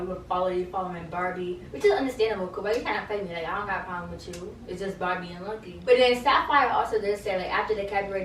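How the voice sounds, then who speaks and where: A woman's voice: mid-range voice, a bit bright, slight background noise. A young woman recapping a reality show in a casual, slangy, chatty way, often quoting the cast. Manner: chatty, slangy, confused asides, quotes cast members. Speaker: reality TV reviewer. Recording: echoey room, mic at a distance.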